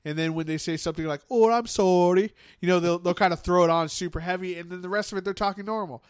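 A man's voice: high-pitched, little pitch movement, rapid-fire, clear, resonant tone, no echo, clean studio sound. A man co-hosting a casual chat, rambling and opinionated, with frequent restarts and fillers. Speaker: podcast co-host.

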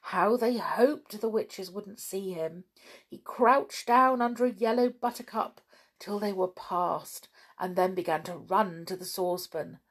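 A woman reading a children's story aloud in a slow, expressive way. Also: medium pitch.

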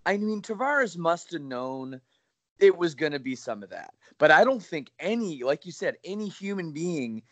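A man with a somewhat high voice argues his side of a hockey debate in casual conversation. He builds his points through rhetorical questions. The recording is dry and close. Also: big pitch swings, normal speed, a bit bright, no echo.

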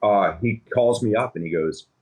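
A man in his fifties, a company founder, telling stories in a casual interview, rambling and animated with many fillers. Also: fairly low pitch, normal speed. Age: 50s.

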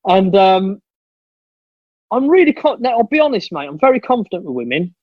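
A man's voice: high-pitched, sing-song, normal speed, no room sound, highs cut off. A man who is a podcast guest, telling stories in an enthusiastic, chatty way and often calling the host "mate". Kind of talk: casual chat.

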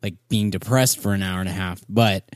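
A man with a fairly low voice, giving his take on a film in casual podcast talk. He builds his points in long, thoughtful sentences with a wry edge. The sound is dry and close. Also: brisk, no room sound. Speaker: podcast co-host. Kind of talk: casual movie-review chat.

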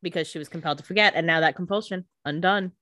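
A woman's voice: lowish voice, rapid-fire, a bit bright, no room sound, clean studio sound. A woman co-hosting a casual podcast, adding sarcastic quips and laughing along. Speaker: podcast co-host. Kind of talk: casual chat recap.

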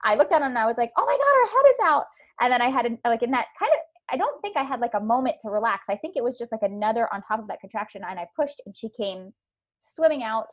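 A woman's voice: fairly high pitch, expressive, fast talker. A woman in her thirties, a podcast guest, casually telling her birth story with many likes and ums.

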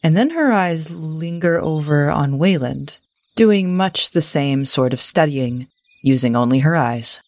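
Low-voiced woman game master narrating. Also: animated, unhurried, a little mellow, no echo. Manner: detailed, cinematic descriptions.

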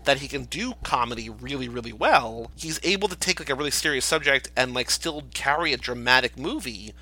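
A man's voice: mid-range voice, lively intonation, fairly quick, bright, forceful tone, rough recording. A man co-hosting a casual movie podcast, sharing trivia and acting out quotes between short agreeing replies. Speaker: podcast co-host.

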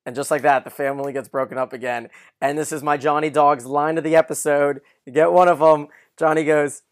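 A man's voice: fairly high pitch, brisk. A man co-hosting a casual podcast recap of a TV episode, retelling scenes eagerly and acting out the characters' lines. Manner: animated storyteller who acts out quoted lines. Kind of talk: casual chat.

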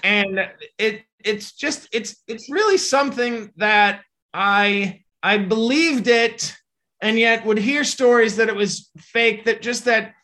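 A man, a comedian guest, talking quickly in casual podcast chat with many halting restarts. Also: sits high, sharp tone.

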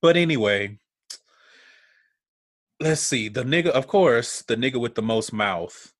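Man, podcast co-host, dry close-mic sound, middle pitch, blunt and profane, quick to laugh. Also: no echo. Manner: blunt, profane, laughs often, animated retellings. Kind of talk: casual reality-TV recap chat.

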